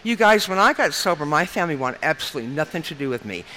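Frank, forceful older woman at a podium. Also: low-pitched, big pitch swings, fast talker, slight background noise. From Nebraska, US. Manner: frank, folksy and joking, often saying "you guys" to the room. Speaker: speaker sharing her recovery story. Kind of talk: recovery meeting talk. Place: meeting room at a podium.

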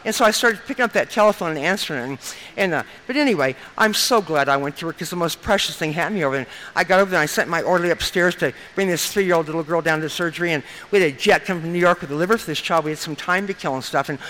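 A middle-aged woman shares her story with a group at a brisk clip, her voice bright and forward. She is earnest, circles back to repeat phrases and tacks "and stuff" onto her sentences. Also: lowish voice, slight background noise, poor audio. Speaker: speaker sharing at a recovery meeting. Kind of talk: personal testimony told to a group.

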